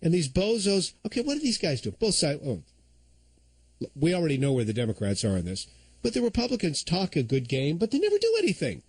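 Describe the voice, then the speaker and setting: A man's voice: fairly high pitch, wildly swooping pitch, a little fast, a little mellow, husky, no echo, low-quality recording. A man filling in as host of a talk radio show, telling stories and giving opinions in a conversational monologue on a studio microphone.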